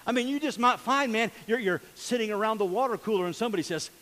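Man preaching, high voice, folksy and animated, long hall reverb. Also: fast. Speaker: pastor. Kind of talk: sermon.

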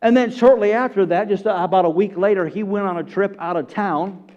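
A man with a high voice preaches a sermon, swinging from loud, raised bursts down to hushed, low phrases and calling out to his congregation. The recording sounds dull and lo-fi. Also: a little fast. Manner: calls out to the congregation. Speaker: pastor.

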